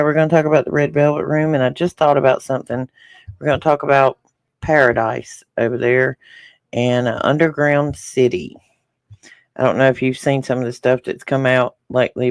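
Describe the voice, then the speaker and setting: A man's voice: medium pitch, smooth, dry recording, clean studio sound. Folksy Southern man chatting to viewers. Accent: Southern US rural. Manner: folksy, chatty, reading comments aloud. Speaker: podcast co-host. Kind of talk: casual chat to live viewers.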